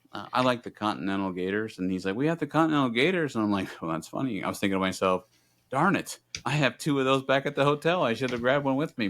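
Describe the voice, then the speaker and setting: A middle-aged man co-hosts a casual podcast, a bit low in pitch. He tells his story with energy and acts out the other people in it, voice jumping up when he quotes them. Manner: animated storyteller acting out both sides of conversations. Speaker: podcast co-host.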